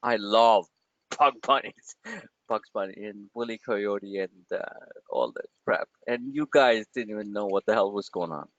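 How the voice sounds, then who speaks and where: A man hosting a livestream of market commentary, rambling and joking in an animated way. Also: lowish voice, moderate pace, dry recording, highs cut off. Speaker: trading channel host.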